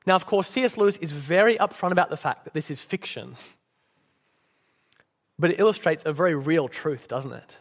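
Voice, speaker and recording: A man delivers a sermon in an earnest, storytelling manner and sometimes restarts his phrases. His voice is high for a man. The sound has a long reverb, as in a church hall. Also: moderate pace, long pauses. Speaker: preacher.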